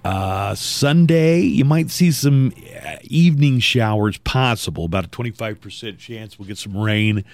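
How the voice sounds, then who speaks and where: Man from East Texas, radio host, low voice, relaxed chatty delivery, casual morning show. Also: no room sound. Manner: easygoing, laughs often, drawn-out fillers.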